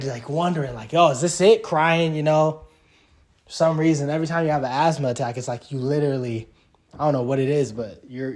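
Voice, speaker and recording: A young man casually telling a personal story, rambling and full of fillers like "like" and "literally". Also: fairly high pitch. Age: young adult.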